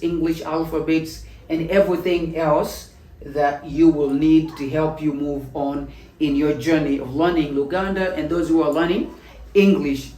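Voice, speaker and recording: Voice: mid-range voice, a little mellow. A teacher with a Ugandan accent giving a patient spoken language lesson and repeating each phrase several times. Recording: echoey room, mic at a distance.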